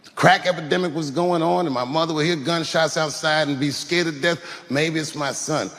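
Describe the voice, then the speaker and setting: A man's voice: a little high, steady tone, fairly quick, fairly bright tone. Earnest man speaking in a reverberant hall. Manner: earnest, addresses his mother directly. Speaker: speaker honoring his mother. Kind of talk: heartfelt tribute speech.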